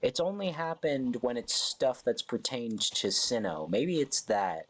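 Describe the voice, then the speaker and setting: A man's voice: mid-range voice, very animated, unhurried. A man streaming a survival game, chatting casually and correcting himself as he rambles. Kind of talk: casual live game commentary.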